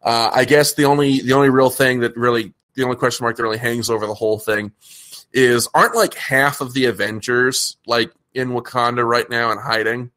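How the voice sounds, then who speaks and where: Male podcast host and critic, bright forceful tone, rambling casual delivery with stammers. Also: medium pitch, fairly even intonation, a little fast. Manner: rambling, stammers and repeats words. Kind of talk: casual chat.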